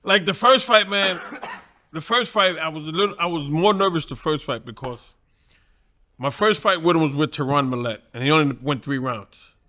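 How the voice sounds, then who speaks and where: Speaking at a moderate clip in a voice a little on the high side, this middle-aged man, a boxing trainer, shares casual stories. His telling is loose and full of profanity, and he animatedly mimics the other people's voices.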